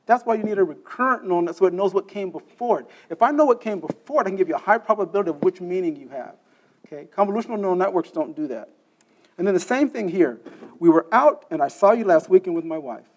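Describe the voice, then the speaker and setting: A man's high, animated voice moves fast through a technical conference lecture in a session room. He explains step by step, quizzes the audience, and regularly checks in with "okay?".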